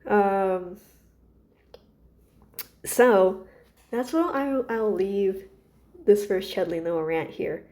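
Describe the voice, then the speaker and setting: A woman casually rambling about her characters, hesitant and soft-spoken, with many fillers and restarts. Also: medium pitch, very slow, long pauses. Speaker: creator discussing her characters.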